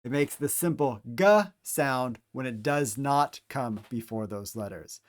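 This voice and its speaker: A man leads a Greek pronunciation lesson at a very unhurried pace, saying each letter and example word twice so listeners can repeat after him. His voice sits at an ordinary middle pitch, and his delivery is careful and measured. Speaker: Greek teacher. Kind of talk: slow instructional pronunciation lesson.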